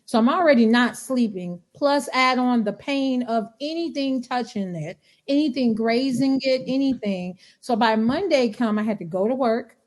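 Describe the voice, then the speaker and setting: A woman guest on a podcast, telling a personal story in casual, animated talk and acting out what people said. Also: fairly high pitch, normal speed, few pauses. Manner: animated, acts out dialogue in quotes.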